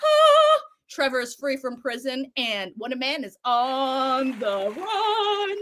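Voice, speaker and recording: A woman co-hosting, recapping a show in a casual, animated way, swearing and acting out lines. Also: high voice, slow pace, a little hiss or hum. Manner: animated, swears a lot, acts out quotes. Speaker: show co-host recapping a series.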